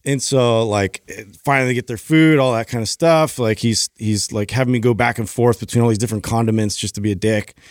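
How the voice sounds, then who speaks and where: Man, podcast co-host, mid-pitched, relaxed rambling storyteller, dry close mic. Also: brisk, hardly any pauses, no room sound. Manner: laid-back, rambling with fillers. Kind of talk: casual storytelling chat.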